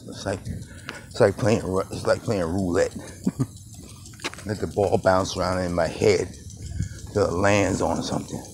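Low-voiced man rambling on a walk. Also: steady tone, a little slow, pauses often. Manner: loose, conversational, greets passersby. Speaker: vlogger. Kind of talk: rambling walk-and-talk monologue. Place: outdoors on a neighborhood street. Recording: noisy outdoor phone recording.

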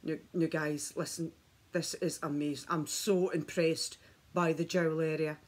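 A husky woman with a low voice chats to her viewers while filming herself at home. She is enthusiastic and keeps talking straight to the camera, heard through the camera mic. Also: flat delivery, a little slow, darkish tone. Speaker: beauty vlogger. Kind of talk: chatty product demonstration.

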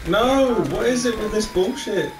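This man's voice sits high and moves at normal speed as he plays the killer in a video game, muttering and swearing whenever things go wrong during his live commentary. The room is echoey, filled with loud game sirens.

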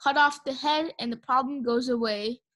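Lady reading as a big bossy dragon teacher, booming and hissy, strict. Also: fairly even intonation, moderate pace, fairly bright tone, no echo. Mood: stern. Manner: booming, hissing, scolding. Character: huge stern female dragon teacher.

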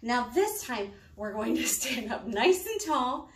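A woman librarian leading children through storytime yoga, talking in a slow, encouraging, coaxing way. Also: a little high, big pitch swings, fairly bright tone, slight background noise. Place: on a balcony. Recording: roomy, distant mic.

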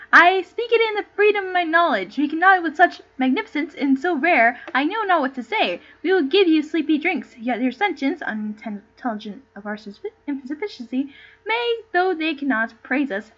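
A woman reading aloud the part of a courtly male lord speaking in formal verse, in a plain and halting way. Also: sits high, sing-song, pushed and bright, muffled recording, voice pushed up, full character voice.

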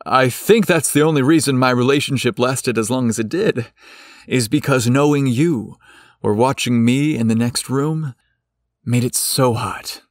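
A man's voice: mid-range voice, measured pace, no room sound, clean studio sound, close to an everyday voice. A man voicing a confident teasing young man.

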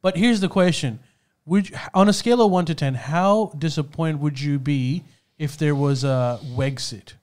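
A young man who grew up outside Australia, joking deadpan in a casual podcast chat. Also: on the high side, normal speed. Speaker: podcast co-host.

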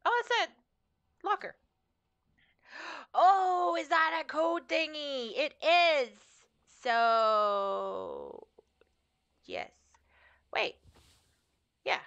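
Woman, gaming streamer, playful let's-play banter, high bright voice. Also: sing-song, extremely slow, pauses often, lo-fi sound. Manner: playful, jokey, chatty.

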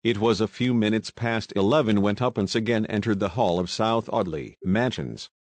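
A man reading an audiobook in a steady, even scripted narration. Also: lowish voice, normal speed, no echo.

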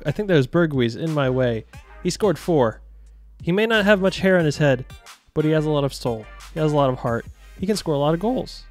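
A young man giving jokey, excitable commentary over his own video game match, yelling at the big moments. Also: a little high. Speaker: gaming YouTuber. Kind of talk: live gameplay commentary.

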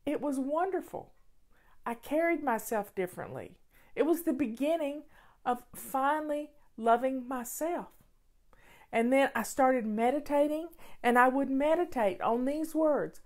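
Female show host, unhurried and affectionate, encouraging advice in a casual Q&A. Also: high-pitched, a little mellow. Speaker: host answering viewer questions.

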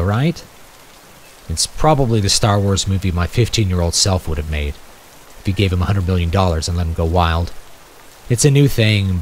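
A man's voice: low voice, a little hiss or hum, low-quality recording. A man reading a second-person story aloud in a wry, nostalgic storytelling manner. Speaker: narrator. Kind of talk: scripted second-person narration.

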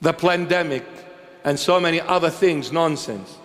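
A bishop preaching a sermon, emphatic and mocking, firing off rhetorical questions to the congregation. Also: male voice, a little high, normal speed, fairly bright tone. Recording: long hall reverb.

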